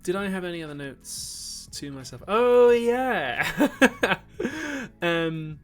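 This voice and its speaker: A man's voice: high-pitched, expressive, unhurried. Geordie male host, casual stream chat, loose and rambling with mock-outraged bursts, faint music under. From Newcastle, northern England. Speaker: YouTube host on a livestream. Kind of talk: casual live-stream chat reading super chats.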